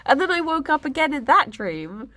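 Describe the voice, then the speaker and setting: A woman's voice: sits high, very animated, normal speed, fairly bright tone. A young woman, chatting casually on a stream and telling rambling stories with lots of giggles. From England. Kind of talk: casual chat.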